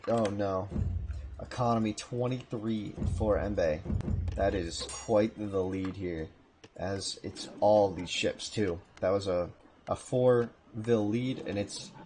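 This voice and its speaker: A man casting a live strategy game match from home, with a relaxed, chatty manner and casual asides. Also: lowish voice, slow pace, background noise. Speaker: esports caster. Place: home room.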